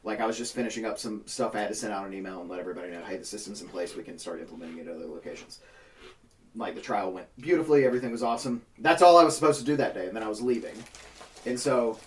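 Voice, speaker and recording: A man's voice: fairly low pitch, very fast, distant mic, slight background noise. A man on a podcast telling a long story in casual chat among friends, swearing freely and acting out what other people said. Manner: profane, animated, acts out quoted people. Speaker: podcast co-host.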